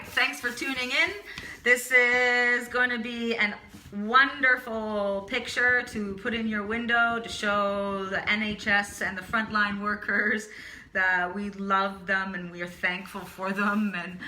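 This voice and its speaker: Bright and pushed, a woman's mid-range voice carries through an echoey room with a slight hiss or hum. She's an art teacher talking through a drawing lesson as she works, chatty and supportive, echoing words to herself while she draws.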